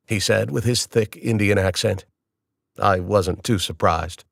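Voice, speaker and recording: A man reading a novel aloud in the first person, in a measured, wry storytelling manner. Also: on the low side, gravelly, no echo, clean studio sound. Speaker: audiobook narrator. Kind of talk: scripted first-person narration.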